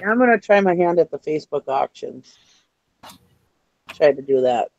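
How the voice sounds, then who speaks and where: A man's voice: a little high, animated, normal speed, gravelly, darkish tone, dull audio, slight background noise. A man chatting casually on a live reseller show, rambling and restarting his thoughts. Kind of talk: casual chat.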